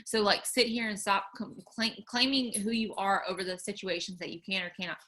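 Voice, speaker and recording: A woman's voice: medium pitch, a little fast, sharp tone. A young woman hosting a livestream and chatting earnestly to viewers about faith, full of fillers as she urges them on. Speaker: livestream host sharing faith encouragement. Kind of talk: casual faith talk to viewers.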